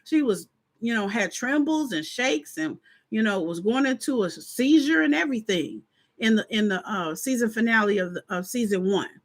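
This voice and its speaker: A woman's voice: fairly high pitch, moderate pace. A woman hosting a live stream in casual chat, talking straight to her viewers and acting out her own reactions. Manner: chatty, animated, acts out her reactions; informal, talks straight to viewers.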